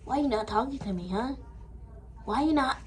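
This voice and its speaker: Fairly high-pitched and expressive, a woman speaks a little fast over very noisy audio. The channel creator plays with paper cats, talking to them and answering in their voices, switching playfully between bickering cat characters.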